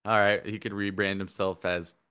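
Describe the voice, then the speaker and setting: A man with a fairly low but bright, forceful voice chats casually on a podcast. He rambles through jokes, restarting his thoughts and laughing along the way. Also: flat delivery, moderate pace, smooth. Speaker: podcast co-host.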